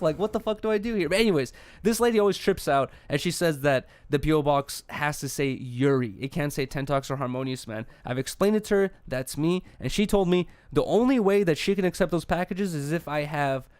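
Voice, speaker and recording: A young man hosting a casual podcast chat, telling an animated, exasperated story with plenty of swearing. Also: a little high, fairly quick, no echo. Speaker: podcast host.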